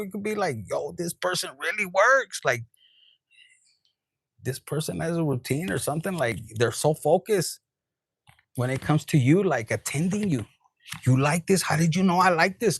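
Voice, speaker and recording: A tarot reader gives an animated, casual reading straight to camera. He swears freely and slips into quoted voices and bits of Spanish. His voice is a little high, gravelly and slightly rough.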